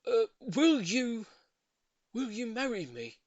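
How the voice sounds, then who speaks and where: A man's voice: very high-pitched, very animated, takes it slowly, no room sound, muffled recording, pitched above the performer's own voice, exaggerated voice. A man reading a storybook aloud, voicing a shy elderly man who speaks hesitantly. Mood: nervous. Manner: hesitant, stumbling.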